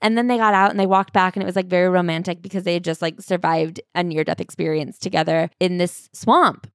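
A woman's voice: fairly low pitch, steady tone, fast, no room sound, clean studio sound. A woman co-hosting a casual book-review chat, talking in a loose, chatty way with lots of "like". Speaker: podcast co-host.

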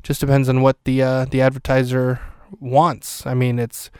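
A man's voice: medium pitch, monotone, moderate pace, darkish tone, clear, resonant tone, dry recording, clean studio sound. A man hosting a podcast, recapping an episode in a chatty, wry way with lots of fillers and restarts. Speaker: podcast host. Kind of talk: casual solo recap commentary.

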